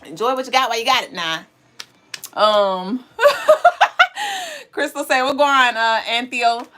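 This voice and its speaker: A woman's voice: on the high side, sing-song, unhurried. Playful slangy woman reading tarot live. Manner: playful, slangy, laughs loudly and often, reads chat aloud. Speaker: tarot reader and livestream host. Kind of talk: casual livestream tarot reading.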